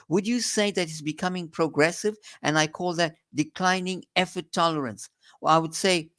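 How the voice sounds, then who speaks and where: Emphatic South African man, higher pitch. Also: moderate pace, fairly bright tone. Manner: earnest, emphatic, frequent restarts. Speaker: doctor being interviewed. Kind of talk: explanatory interview talk.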